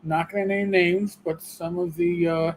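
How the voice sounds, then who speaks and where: High-voiced New York man, emphatic. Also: flat delivery, measured pace, slight background noise, rough recording. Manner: emphatic, repeats and restarts words. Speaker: co-host. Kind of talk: casual livestream discussion.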